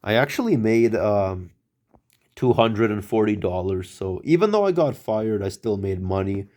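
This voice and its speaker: A man recounting a story casually for a vlog in a lowish voice. His tone is warm and mellow rather than bright. He rambles, restarts and fills pauses with filler words. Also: lively intonation. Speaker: vlogger telling a story.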